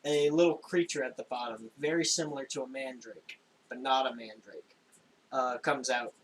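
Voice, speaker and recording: A young man narrating a tabletop game as game master, in a casual, halting way with frequent laughs. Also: mid-range voice, steady tone, slight background noise, low-quality recording. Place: home room, recorded for a stream.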